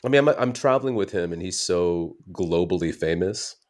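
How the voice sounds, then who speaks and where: Very deep-voiced rambling comedian. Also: male voice, moderate pace, darkish tone. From United States. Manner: rambling, self-correcting storyteller. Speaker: comedian guest. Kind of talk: casual interview chat.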